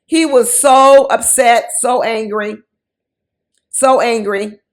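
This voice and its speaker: A woman's voice: on the high side, fairly even intonation, slow. A woman giving casual, sassy commentary on a reality show, mocking the people in it with quoted voices.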